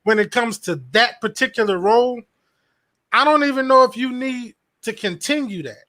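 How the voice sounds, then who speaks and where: A man's voice: very high-pitched, moderate pace, sharp tone, dry recording. A man co-hosting a podcast in casual chat, laid-back, ribbing the others. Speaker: podcast co-host.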